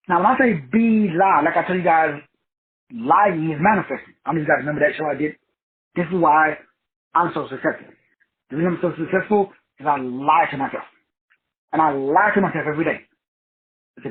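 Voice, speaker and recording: A man's voice: on the high side, brisk, pauses often, breathy edge. A man hosting a talk show, giving a preachy motivational monologue full of wordplay and repeated phrases. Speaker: podcast host. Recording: tinny phone-like line.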